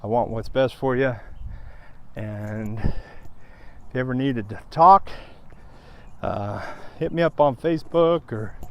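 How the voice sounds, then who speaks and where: A man's voice: mid-range voice, slow pace, lo-fi sound. A middle-aged man talking to viewers on a walk, out of breath and subdued, with sighs and restarts. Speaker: vlogger. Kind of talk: casual vlog monologue.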